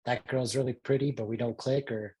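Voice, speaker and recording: A man's voice: mid-range voice, steady tone, brisk, dark tone, husky. A man co-hosting a podcast in casual chat, brash and slangy, defending his views. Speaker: podcast co-host.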